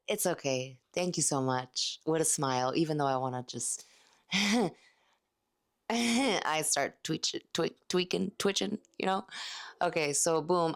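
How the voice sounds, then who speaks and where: A woman in her late thirties telling a candid, animated story about a night at work. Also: fairly low pitch. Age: 30s. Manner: animated, candid, acts out quoted lines. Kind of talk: casual storytelling vlog.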